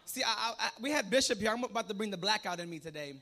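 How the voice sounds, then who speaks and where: A male preacher of Puerto Rican background delivers a fervent call-and-response sermon, moving from quiet asides to shouted exhortations. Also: high-pitched, lively intonation, rapid-fire, hardly any pauses.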